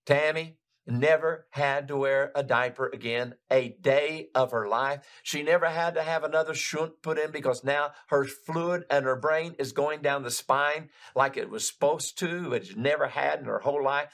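Gravelly older man preaching a story. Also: a little high, normal speed, hardly any pauses. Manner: animated, building retelling with frequent restarts. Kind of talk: storytelling sermon.

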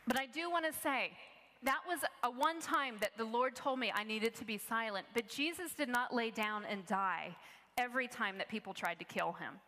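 A woman delivers a sermon in an earnest, conversational manner, often restarting her sentences as she tells a personal story. Her voice sits a little high and sounds bright and forceful. It echoes with the long reverb of a large church hall. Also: moderate pace. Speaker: preacher.

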